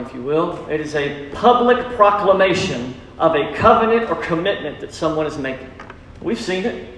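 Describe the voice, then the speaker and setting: A man's voice: on the high side, a bit bright, slight background noise. A man preaching a sermon as pastor, emphatic, asking his congregation questions and calling back their answers. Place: church sanctuary. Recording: echoey church hall.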